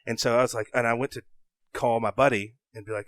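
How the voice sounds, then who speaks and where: A young man tells a story with big swings between loud excitement and near-whispered asides. His voice sits at an ordinary pitch, recorded dry and close. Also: moderate pace, no echo. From American South. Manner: acts out his own past thoughts in quoted lines. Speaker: podcast guest. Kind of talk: animated storytelling.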